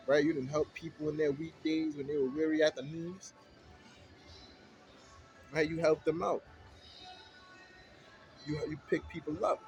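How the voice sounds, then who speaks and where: A man hosting a Bible study, reading verses aloud slowly and then explaining them in casual street talk. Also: a little high, steady tone, darkish tone, faint music behind, low-quality recording.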